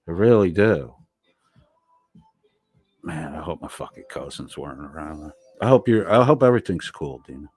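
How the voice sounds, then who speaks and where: A man's voice: rumbling low, lively intonation, moderate pace, pauses often, a little mellow, slightly rough. A man live-streaming, reading chat comments aloud and answering them in a rambling, profane, casual way. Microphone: laptop microphone.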